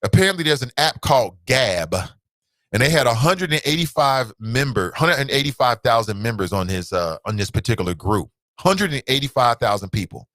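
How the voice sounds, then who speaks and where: A man's voice: medium pitch, lively intonation, brisk, fairly bright tone, no room sound. A man hosting a casual call-in talk show, mocking and laughing often, cursing and reading quotes aloud with exaggerated scorn. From United States.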